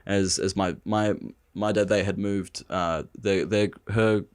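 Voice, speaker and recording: A young man, a podcast guest, telling animated stories and laughing as he talks. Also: sits low, a little slow. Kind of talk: casual storytelling.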